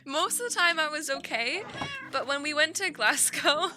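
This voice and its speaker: A young woman from Eastern Canada chats casually while streaming a game, giggling and rambling through stories with frequent laughs. Her voice is high-pitched with lively intonation at a moderate pace, and the background is noisy.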